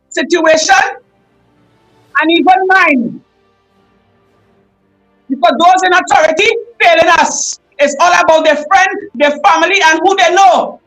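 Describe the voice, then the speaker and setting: Extremely high-pitched and a bit bright, this Trinidadian woman's voice is heard on a rough recording. She hosts a livestream, fired up and emotional, frequently raising her voice in impassioned live commentary; she is from Trinidad and Tobago.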